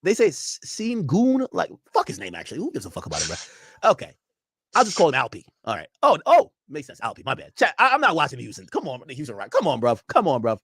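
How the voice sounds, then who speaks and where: A young man streams a casual reaction, rambling, swearing freely, and bantering animatedly with his chat. He talks fast in a mid-range voice with a breathy edge, and the recording is dry and studio quality.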